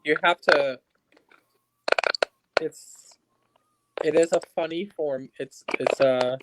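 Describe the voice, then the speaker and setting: A counselor speaks haltingly on a podcast, searching for words between fillers. The voice sits at a middle pitch. Loud hiss and clicks fill the recording. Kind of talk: casual podcast discussion.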